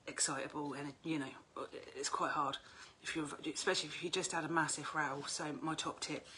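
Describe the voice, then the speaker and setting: A middle-aged woman talks casually to her viewers on a livestream, chatty, animated and unafraid to swear. Her voice sits a little low, with a husky edge and a bright, forceful tone. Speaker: oracle card reader and group host.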